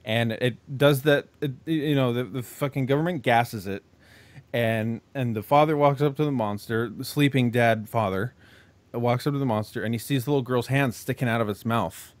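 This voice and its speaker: This man, co-hosting a podcast, talks through the plot of a horror film in a loose, profane way, looping back with lots of filler, "like," and restarts. His voice is mid-range, his speed normal, and the recording is dry.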